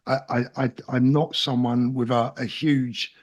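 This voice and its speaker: A middle-aged man with a South London accent speaks as an interview guest, his voice medium in pitch, level in tone, and a little slow. He comes across as earnest, plain-spoken and emphatic in this casual interview chat.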